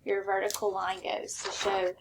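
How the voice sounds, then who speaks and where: A woman teacher giving a recorded spelling lesson, slow and patient, step by step. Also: medium pitch, completely flat delivery, creaky, noisy background.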